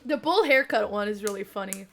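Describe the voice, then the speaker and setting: A young woman streaming, reading a dating game aloud and chatting with viewers, excitable with squealing laughs. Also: mid-range voice, fairly quick, creaky, soft background music.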